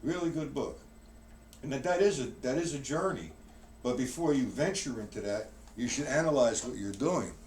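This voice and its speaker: A man teaching drums on a live stream, rambling and correcting himself as he counts out loud. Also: mid-range voice, normal speed. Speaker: drum teacher. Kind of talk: live-streamed drum lesson. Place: practice room with a drum kit. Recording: distant mic, noisy room.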